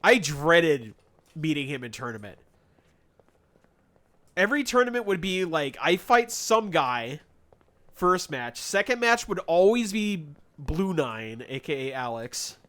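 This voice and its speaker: A man chatting casually on a live stream while gaming, telling animated, sarcastic stories and laughing often. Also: fairly high pitch, a little slow, pauses often.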